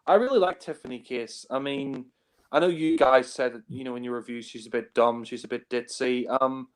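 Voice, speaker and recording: A man of average pitch talks loosely about movies over a group call. He rambles, fills gaps with ums and you-knows, and chuckles often at his own points. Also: a little fast, clean tone. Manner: rambling, heavy on fillers, laughs often. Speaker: film reviewer. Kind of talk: casual film discussion.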